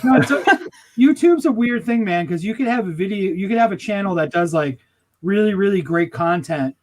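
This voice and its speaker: A man chatting on a livestream, telling stories in an excited, laughing way. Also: sits high, fairly quick. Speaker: stream guest. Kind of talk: casual chat.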